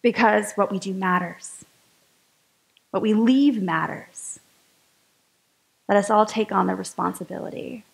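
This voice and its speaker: Gravelly, unhurried woman giving a talk. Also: mid-range voice, rough recording. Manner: animated, chatty, enthusiastic. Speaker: speaker at a spiritual community gathering. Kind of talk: conversational sermon-style talk.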